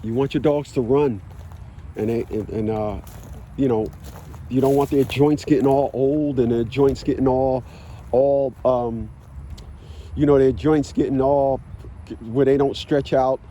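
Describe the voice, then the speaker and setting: A man's voice: fairly even intonation, unhurried, pauses often, a little hiss or hum. A man vlogging outdoors while walking his dogs, lecturing in a casual, repetitive, emphatic way. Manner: rising to high shouting pitch when worked up. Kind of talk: casual preachy monologue.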